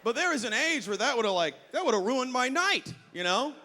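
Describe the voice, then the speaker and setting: Male stand-up, animated storyteller, swinging pitch, stage mic in a reverberant hall. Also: normal speed. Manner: animated, acts out voices. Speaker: stand-up comedian. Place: comedy festival stage.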